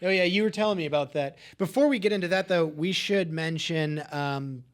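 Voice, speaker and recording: A man hosting a casual interview podcast, relaxed and joking. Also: fairly high pitch. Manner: relaxed, quick backchannels, joking asides. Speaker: podcast host.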